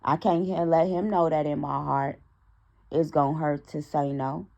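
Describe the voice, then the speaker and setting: Young woman, low voice, gravelly fry, casual storytime vlog, animated, talks straight to viewers. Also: moderate pace, dull audio. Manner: animated, talks straight to her audience, acts out quoted dialogue. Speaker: storytime vlogger.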